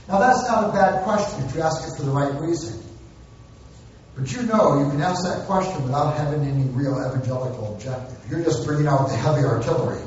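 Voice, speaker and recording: A man with a fairly high voice preaches a sermon on parenting, now and then acting out parents and children for humor. The sound is dull and lo-fi, with heavy echo from a large church hall. He stands at some distance from the mic. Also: animated, fairly quick, a little mellow, a little hiss or hum. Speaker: pastor.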